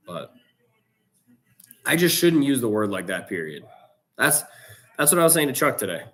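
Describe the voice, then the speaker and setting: A man's voice: mid-range voice, big pitch swings, moderate pace, a bit bright. A man hosting a live trading stream, talking casually and loosely with slang, reacting to viewers' chat. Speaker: livestream trading host.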